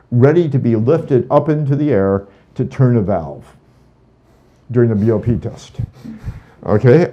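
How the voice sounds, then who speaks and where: A man's voice: mid-range voice, warm tone, lo-fi sound. A man, a guest on an interview show about drilling engineering, talking casually and earnestly, often repeating words as he thinks.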